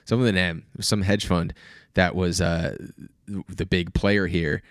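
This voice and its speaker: A man's voice: deep voice, fairly even intonation, measured pace, clear, resonant tone, dry recording, studio quality. A man co-hosting a podcast, explaining things in casual chat and often restarting his sentences. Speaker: podcast co-host.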